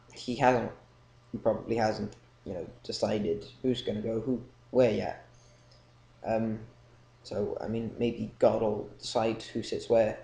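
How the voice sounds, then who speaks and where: A man's voice: lowish voice, mellow. A young man giving casual, rambling Bible commentary with lots of ums. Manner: rambling, informal, many ums. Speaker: Bible reading vlogger. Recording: echoey room, faint noise.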